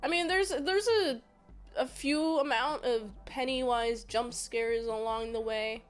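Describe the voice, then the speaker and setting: A woman with a high voice talks slowly through a casual movie recap. She rambles, cracks jokes and pokes fun at herself. Soft background music plays underneath her. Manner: rambling, jokey and self-deprecating. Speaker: movie reviewer.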